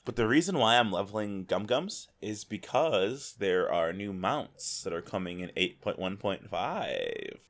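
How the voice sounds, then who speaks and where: A man co-hosting a casual gaming podcast, animated and joking, slipping into silly voices. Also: fairly low pitch, a little slow, hardly any pauses. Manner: animated, breaks into exaggerated voices for jokes. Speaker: podcast co-host.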